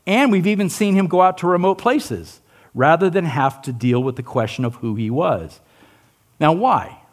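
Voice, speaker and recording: Lively preaching man, voice rising and falling. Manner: animated, asks the listeners questions, acts out quotes; drops low and soft on key lines. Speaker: pastor. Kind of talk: sermon.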